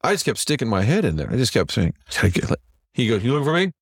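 A fairly low-pitched middle-aged man spinning casual anecdotes as a podcast guest. He talks like a seasoned TV sports director, lively and chatty, slipping into other people's voices as he quotes them. The sound is dry and close, with no room around it. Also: fast, husky, no room sound. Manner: animated anecdote teller who acts out quotes. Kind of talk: casual storytelling interview.

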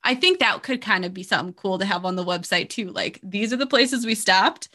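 A woman co-hosting a podcast in casual chat, chatty and quick to laugh. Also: medium pitch, pushed and bright. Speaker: podcast co-host.

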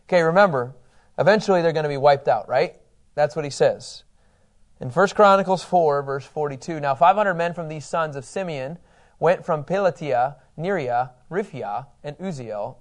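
A middle-aged man leads a Bible class in a lively, conversational way. His voice sits a little high for a man, and he reads scripture aloud and keeps asking the room questions. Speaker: Bible teacher.

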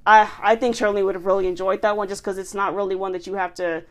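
A woman's voice: mid-range voice, fast. A woman from New Jersey co-hosting a podcast, talking casually and telling stories with lots of fillers. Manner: chatty, animated storytelling with lots of fillers. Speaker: podcast co-host. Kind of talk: casual chat.

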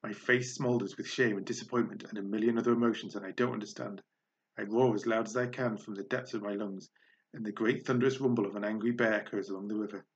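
A man narrating a children's adventure story in the first person, measured and expressive. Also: lowish voice, dull audio. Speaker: audiobook narrator.

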